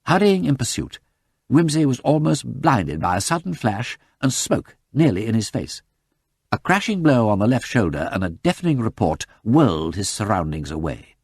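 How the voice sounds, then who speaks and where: A man narrating a mystery novel as an audiobook in an expressive, animated storytelling style. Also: medium pitch, moderate pace, breathy edge, no echo, studio quality. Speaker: audiobook reader. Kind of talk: scripted narration.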